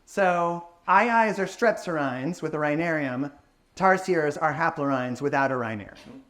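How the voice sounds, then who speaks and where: A man's voice: fairly high pitch, measured pace, fairly bright tone. A man giving a public science talk, answering audience questions in an enthusiastic, explanatory way.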